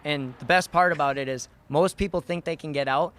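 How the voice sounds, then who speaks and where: A man's voice: on the high side, fairly quick, fairly bright tone. A young man, a fighter, explaining his win in a plain, matter-of-fact way in a post-fight interview.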